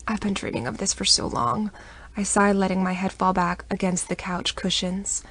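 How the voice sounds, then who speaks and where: A woman narrating a first-person romance audiobook in an intimate, expressive reading voice. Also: mid-range voice, moderate pace, dry recording.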